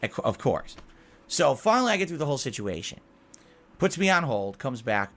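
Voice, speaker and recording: A man's voice: medium pitch, big pitch swings, fairly quick, fairly bright tone. A man telling a story on a commentary podcast, acting out both sides of his phone calls.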